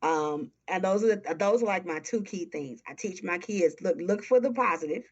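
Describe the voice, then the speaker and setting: A woman's voice: on the low side, lively intonation, breathy edge. Southern woman in her early forties, earnest. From Texas. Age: early 40s. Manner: earnest, heartfelt, slow and emphatic. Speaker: guest, nonprofit founder. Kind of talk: interview conversation. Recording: dull lo-fi audio.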